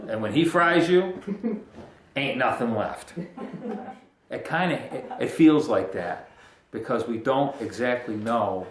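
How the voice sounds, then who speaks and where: A man's voice: mid-range voice, lively intonation, takes it slowly, long pauses, echoey room. A man preaching a casual, conversational sermon as pastor, joking and breaking into emphatic bursts.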